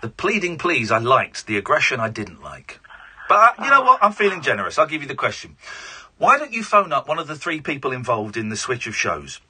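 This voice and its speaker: A man's voice: mid-range voice, very animated, fairly quick, sharp tone, slightly rough. Sarcastic man hosting radio. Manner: combative, sarcastic, mocking. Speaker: radio phone-in host. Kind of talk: live radio phone-in argument.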